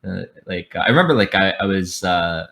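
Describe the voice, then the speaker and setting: A man's voice: low-pitched, lively intonation, a little fast, creaky, pushed and bright. A young man from the United States, a streamer guest on a podcast, chatting casually and rambling with lots of fillers like "like" and "dude". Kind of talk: casual interview chat.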